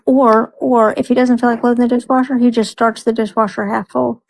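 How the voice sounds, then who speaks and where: A woman's voice: fairly high pitch, level tone, brisk, creaky, poor audio. A woman co-hosting a live stream, chatting casually and frankly teasing about her partner's chores. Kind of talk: casual chat.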